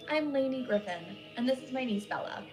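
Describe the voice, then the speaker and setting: Gushing, apologetic nurse in her thirties, read by a woman storyteller, slightly raised and brighter than the narration, faint music underneath. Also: high-pitched, lively intonation, brisk, pitched above the performer's own voice, rough recording. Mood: chatty. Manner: gushing, apologetic, nervous laughs.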